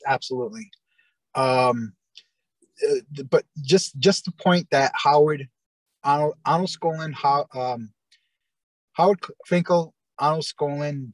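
A man's voice: medium pitch, dry recording, low-quality recording. A man telling long, rambling stories as the guest in an interview, often restarting and quoting what people said. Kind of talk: casual storytelling interview.

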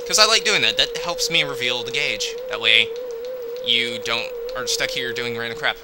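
A man's voice: mid-range voice, wildly swooping pitch, normal speed, noisy background. A young man giving casual, joking game commentary, chatty and a bit grumbly.

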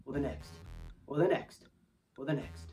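A woman's voice: medium pitch, animated, moderate pace, vocal fry, far from the mic. A woman voicing a pompous little vegetable minion general who gives a mock-epic rallying speech to troops. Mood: vengeful.

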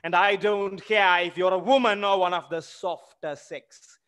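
A man's voice: high-pitched, steady tone, a little slow, fairly bright tone, clean tone. A man reading aloud as a rude, hot-tempered landowner who blusters and challenges in a play reading. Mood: blustering.

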